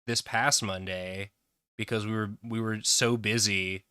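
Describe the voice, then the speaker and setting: A man's voice: lowish voice, steady tone, unhurried, sharp tone, clean tone, no room sound, clean studio sound. A young man co-hosting a casual stream chat, rambling and joking, sometimes acting out silly voices in his stories. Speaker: co-host.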